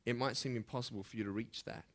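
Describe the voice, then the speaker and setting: Emphatic young man with a bright voice. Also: mid-range voice, fairly even intonation, fast talker. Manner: earnest and emphatic, swinging from hushed to loud. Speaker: motivational speaker. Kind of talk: motivational speech to students.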